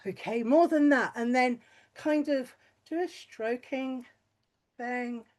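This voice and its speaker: A woman's voice: high voice, slow, a little mellow. A woman performing a stand-up comedy set, blunt and crude, with chatty tangents and frequent swearing.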